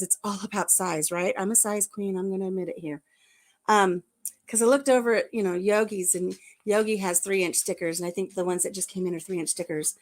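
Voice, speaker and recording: An older woman hosting a casual live-stream chat, chatty and laughing easily at herself. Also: mid-range voice. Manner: chatty, laughing, self-deprecating. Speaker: vlog host.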